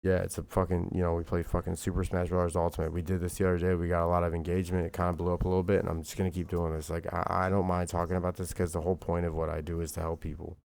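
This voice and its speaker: A man's voice: low-pitched, level tone, racing, creaky, hardly any pauses, a little mellow. A man streaming live, talking in a rambling, profane and heated way, with "bro" and "like" at every turn. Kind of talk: livestream monologue.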